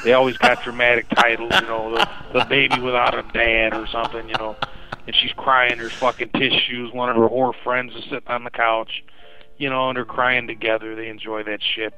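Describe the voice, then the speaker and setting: A man's voice: medium pitch, level tone, a little fast, sharp tone, soft background music, rough recording. A man leaving a rambling, profane voicemail rant, saying "you know" again and again. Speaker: voicemail caller. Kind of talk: crude ranting.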